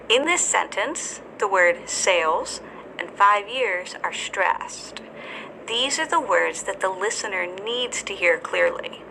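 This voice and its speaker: Bright-voiced woman narrating a lesson. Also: medium pitch, a little hiss or hum, low-quality recording. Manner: slow, deliberate, careful enunciation. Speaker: English teacher.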